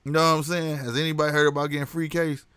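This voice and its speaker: A man's voice: fairly high pitch, very fast, clear, resonant tone, dry recording, studio quality. A man hosting a casual livestream, talking animatedly to his chat, laughing often. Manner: animated, laughs a lot, reads chat aloud. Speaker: livestream host.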